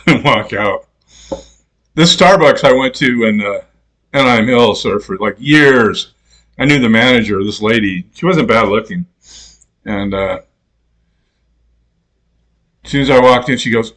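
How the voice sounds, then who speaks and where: A man's voice: on the low side, measured pace, long pauses, fairly bright tone. A man telling stories in a casual rant, rambling, swearing freely and laughing at his own jokes. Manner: mimics other people in quoted voices. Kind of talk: casual profane storytelling rant.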